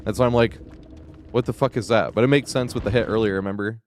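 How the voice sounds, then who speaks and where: A man's voice: lowish voice, steady tone, quick pace, slight background noise. A young man streaming a video game, chatting casually and rambling, laughing often and swearing freely. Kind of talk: casual gaming stream chat.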